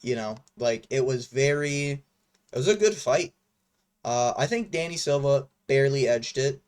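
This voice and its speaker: A man's voice: medium pitch, lively intonation, unhurried, darkish tone, smooth. Young male fight vlogger, casual and blunt, rambling delivery with lots of fillers and swearing. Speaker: MMA commentary vlogger.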